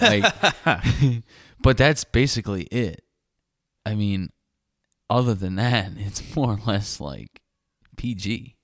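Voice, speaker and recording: A man's voice: lowish voice, a bit bright, no room sound, studio quality. A man, co-hosting a casual podcast, laughing and swearing as he reads out parenting tips. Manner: crude, laughing, reads text aloud. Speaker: podcast co-host.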